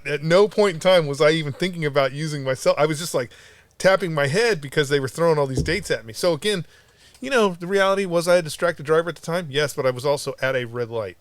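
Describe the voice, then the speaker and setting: Speaking fast in a voice on the high side, a man co-hosting a casual podcast rambles through a story. He's an animated storyteller who swears freely along the way.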